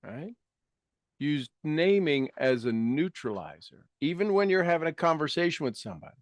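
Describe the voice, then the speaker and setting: A man's voice: a little high, big pitch swings, normal speed, no room sound, studio quality. Man coaching with rhetorical questions. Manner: rhetorical questions, repeats phrases for emphasis. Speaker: speaker leading a self-help talk. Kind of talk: coaching talk with guided exercises.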